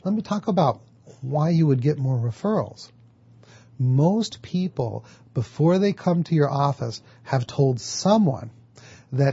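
A man's voice: on the high side, expressive, measured pace, warm tone, husky, highs cut off. A man teaching a lecture on hypnotherapy, explaining step by step and answering his own questions. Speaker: hypnotherapy instructor.

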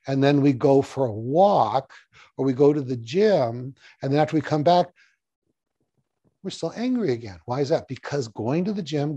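Middle-aged male hypnotherapy trainer, conversational storyteller, warm low-key tone, dry recording. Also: husky, no echo, lo-fi sound. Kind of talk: casual teaching talk to camera.

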